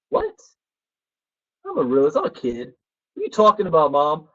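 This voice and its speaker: A man's voice: on the high side, normal speed, long pauses, highs cut off. A man giving a motivational training talk, who tells stories and acts out the people in them. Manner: animated storyteller who acts out quoted people. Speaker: personal development trainer.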